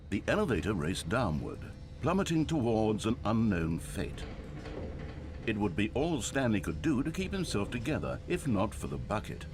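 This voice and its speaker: A man's voice: fairly low pitch, very animated, normal speed, darkish tone, faint music behind. A man playing a wry, all-knowing storyteller narrator in a video game, with a dry, mock-dramatic delivery. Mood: narrating. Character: wry omniscient adult male storyteller narrator.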